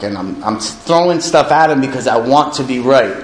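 A man's voice: mid-range voice, lively intonation, normal speed, hardly any pauses. A middle-aged man giving a candid, self-deprecating personal testimony about recovery, speaking plainly. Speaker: recovering alcoholic sharing his story. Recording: echoey room with faint ambient noise.

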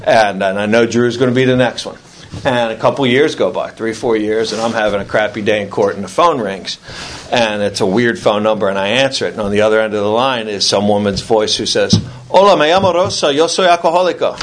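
A man's voice: on the low side, steady tone, fairly quick, slight background noise. A man sharing a story at a recovery meeting, acting out other people's lines in raised voices. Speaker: AA speaker sharing his story.

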